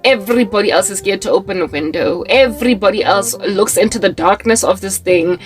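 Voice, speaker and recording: Lady vlogging, chatty and animated, tells a story then preaches, faint music behind. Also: mid-range voice, brisk. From South Africa. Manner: animated, chatty, with many fillers. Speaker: Christian vlogger.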